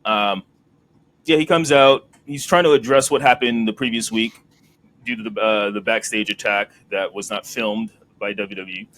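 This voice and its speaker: A man with a lowish voice co-hosts a relaxed wrestling podcast, walking through the week's events as a loose story. He fills his recap with "uh" and "like." A faint background noise sits under his voice. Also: moderate pace. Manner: storytelling recap, laughs and acts out quotes. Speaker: podcast co-host. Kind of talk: casual wrestling recap chat.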